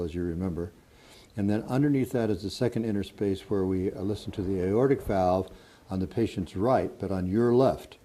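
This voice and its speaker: Older man, low mellow voice, calm clinical teacher pausing with fillers. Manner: calm explanatory, frequent uh fillers. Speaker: instructor.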